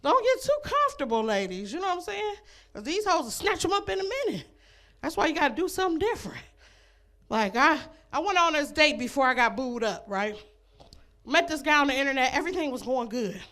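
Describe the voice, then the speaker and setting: A woman's voice: sits high, big pitch swings, a little fast, sharp tone. A woman performing a stand-up comedy set on a comedy club stage, brash and laughing at her own jokes.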